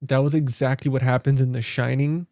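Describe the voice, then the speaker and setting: A man co-hosting a movie podcast in casual chat, excitably retelling funny scenes. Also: medium pitch, fairly quick, no room sound, clean studio sound. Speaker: podcast co-host.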